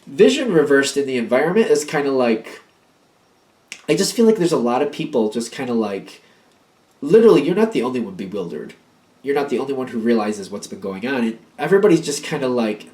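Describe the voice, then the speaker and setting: A man's voice: medium pitch, very animated, a little fast, a little mellow. Man, tarot reader, casual spoken reading, rambling, repeats himself for emphasis, mid-range voice.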